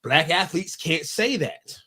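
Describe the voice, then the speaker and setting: A man's voice: a little high, animated, bright, forceful tone, slightly rough. A man co-hosting a casual sports talk show, often stopping and restarting his sentences as he makes a point. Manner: halting, frequent restarts. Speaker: podcast co-host.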